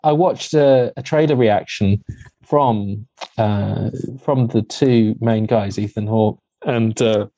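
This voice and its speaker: A man's voice: on the low side, takes it slowly, warm tone, dry recording. A man co-hosting a casual chat about films and shows, chatty and laughing often. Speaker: podcast co-host.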